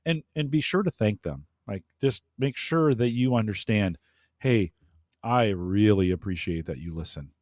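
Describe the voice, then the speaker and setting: A man's voice: on the low side, moderate pace, darkish tone, no echo, clean studio sound. A man in a casual podcast talk, giving earnest coaching advice to podcasters.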